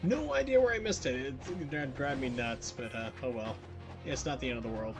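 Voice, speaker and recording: A man's voice: mid-range voice, animated, fairly quick, over music. Man rambling over a live game stream. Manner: rambling, wry, chatting to viewers. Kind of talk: casual gameplay commentary.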